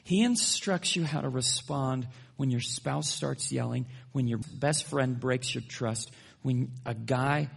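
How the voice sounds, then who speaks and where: A man's voice: mid-range voice, slow, creaky, few pauses, slightly rough. A man preaching a sermon as a pastor, telling everyday stories with playful humorous asides.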